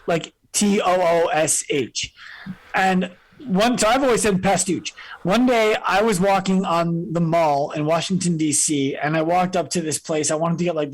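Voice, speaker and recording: High-voiced male podcast guest. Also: low-quality recording. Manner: animated storyteller, acts out quoted voices. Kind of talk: storytelling in interview.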